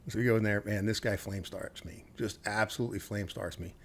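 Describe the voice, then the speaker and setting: A man's voice: fairly low pitch, fairly even intonation, fairly quick, gravelly, a little hiss or hum. A middle-aged man from the United States, a retired Army officer and podcast guest. He tells stories casually and bluntly, with swearing and quoted dialogue. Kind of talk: casual interview storytelling.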